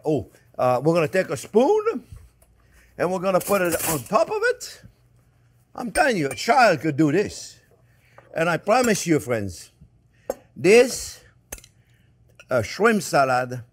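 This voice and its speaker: A man's voice: on the high side, slight background noise. A man hosting a cooking show, chatting his way through a recipe and often calling his viewers friends. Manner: chatty and animated, keeps addressing viewers as friends. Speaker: chef and cooking show host. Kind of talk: casual cooking demonstration.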